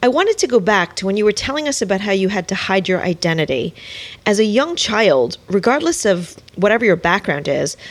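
A woman hosting a podcast interview, asking engaged, probing questions. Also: mid-range voice. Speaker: podcast host.

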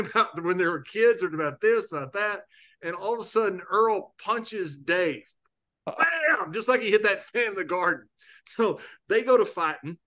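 A man's voice: high-pitched, pushed and bright. A man co-hosting a podcast, telling a funny story and laughing often. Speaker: podcast co-host. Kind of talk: casual storytelling.

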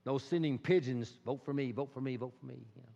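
A man preaching a sermon as a pastor, swinging between loud and hushed delivery and acting out quotes. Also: mid-range voice, fairly quick, vocal fry. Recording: dull sound in a reverberant hall.

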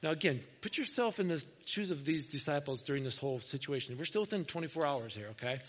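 A man preaching in a church, telling the story casually and dropping to a hushed voice to make a point. His voice sits a little high, and the sound is dull and lo-fi, with long hall reverb. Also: expressive, fast. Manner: casual, conversational storytelling that often drops to a soft, hushed voice. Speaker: pastor. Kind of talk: sermon retelling a gospel story. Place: church sanctuary.

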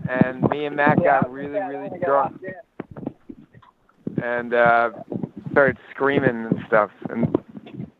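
A man's voice: medium pitch, flat delivery, slow pace, pauses often, very noisy. Young man rambling over a tinny phone line. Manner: rambling storytelling with many restarts. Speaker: caller. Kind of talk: casual phone chat.

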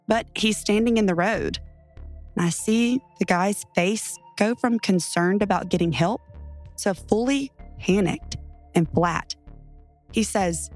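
A woman narrates a frightening personal story in an earnest, tense way, with faint music in the background. Her pitch sits mid-range for a woman. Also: a little slow.

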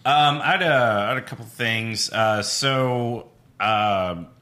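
A man's voice: mid-range voice, slow, pushed and bright. A man co-hosting a podcast in casual, laid-back, agreeable chat. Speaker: podcast co-host.

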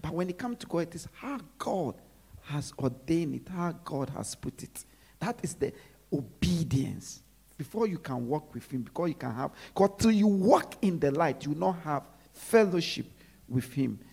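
A preacher delivering a sermon who repeats phrases and drops to low murmurs between emphatic lines. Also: very animated, normal speed, creaky, warm tone, breathy edge.

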